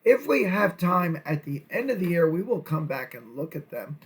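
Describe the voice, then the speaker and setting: A man's voice: a little high, expressive, moderate pace. A man teaching a recorded math lesson to second graders, chatty and playful, with jokey asides.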